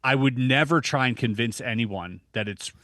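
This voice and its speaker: Recounting a personal story as a podcast guest, a man in his thirties gets animated and casual, stopping and restarting a lot while acting out his responses. He talks at a normal speed with a medium pitch, recorded dry.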